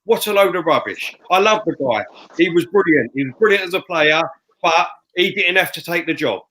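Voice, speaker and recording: A man, co-hosting a fan podcast, ranting loudly and emphatically. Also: fairly high pitch, lively intonation, brisk, low-quality recording. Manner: loud, fuming, emphatic. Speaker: fan show co-host. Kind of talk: heated fan podcast rant. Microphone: headphones and studio mic.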